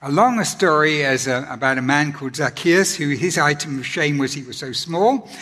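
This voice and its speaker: A man preaching a sermon in an earnest, gentle way, often pausing with ums and restarting his sentences. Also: on the high side, slightly rough. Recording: long hall reverb.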